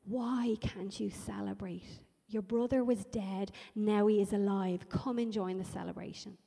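A woman voicing a loving father who gently pleads with his older son. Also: medium pitch, steady tone, a little slow, vocal fry, husky. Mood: pleading. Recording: long hall reverb.

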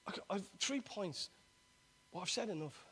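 A man, preaching a sermon that swings from loud exhortation to quiet, intimate appeal. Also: high-pitched, animated, normal speed, breathy edge.

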